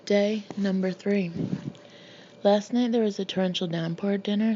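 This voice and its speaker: A woman narrates her own memoir in a dry, sardonic, deadpan voice. Her tone is warm and low-key. The recording is slightly muffled, with a faint hiss behind her. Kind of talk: audiobook narration.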